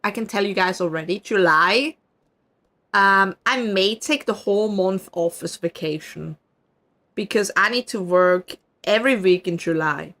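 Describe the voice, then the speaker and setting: A young Swiss woman with a Swiss German accent chats casually on stream, laughing a lot and swearing freely. Her voice is mid-range and a bit bright, and she speaks at a measured pace.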